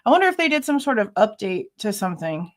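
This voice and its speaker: A woman's voice: mid-range voice, big pitch swings, quick pace. A woman hosting a casual livestream, chatting with viewers and greeting them by name, laughing often. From Ohio. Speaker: livestream host.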